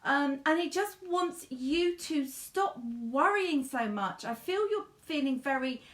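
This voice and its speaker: A high-pitched woman speaks as a medium in a live online reading, gushing and repeating herself, calling people darling and sweetheart. The room echoes noticeably around her voice. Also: expressive, unhurried. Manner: warm, chatty, endearments to viewers; gushing, repetitive phrasing. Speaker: psychic medium.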